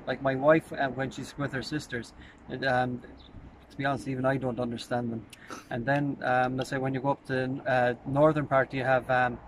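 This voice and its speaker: A man's voice: mid-range voice, little pitch movement, moderate pace, slight background noise, rough recording. A man with a Tipperary Irish accent, a tour guide chatting casually and humorously with plenty of rambling. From Ireland.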